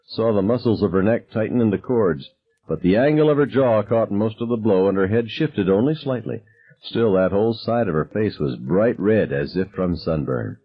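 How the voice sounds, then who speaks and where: A man reading a novel aloud as narrator, calm and measured, dropping low on dialogue tags. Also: slightly rough, highs cut off. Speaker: audiobook narrator. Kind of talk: scripted narration.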